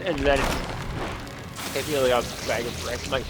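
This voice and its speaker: A man chatting casually while playing a game, rambling and excitable, swearing freely and tripping over his words. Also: on the high side, a little fast, over loud music. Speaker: gameplay commentator.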